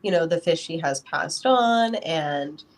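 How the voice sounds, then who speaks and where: In a low-pitched, expressive voice, a woman takes her time as a podcast guest, chatting casually about being a parent. Her interview talk rambles and is packed with "you know" fillers.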